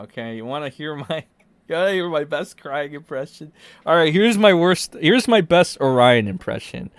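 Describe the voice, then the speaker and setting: A man's voice: a little high, sing-song, moderate pace. A young man ranting sarcastically as a casual online commentator, swearing freely. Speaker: YouTube commentator.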